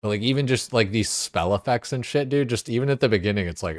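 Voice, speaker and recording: A man with a low voice chats casually on a game stream, rambling and swearing freely between fillers. The sound is dry and close, with no room echo. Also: fast talker, few pauses. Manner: rambling, profane, filler-heavy.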